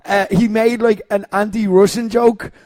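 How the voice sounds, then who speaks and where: A man's voice: high-pitched, little pitch movement, moderate pace, darkish tone, dry recording, clean studio sound. A man co-hosting a podcast, telling stories with a giggly, anxious manner. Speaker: podcast co-host. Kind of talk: casual chat.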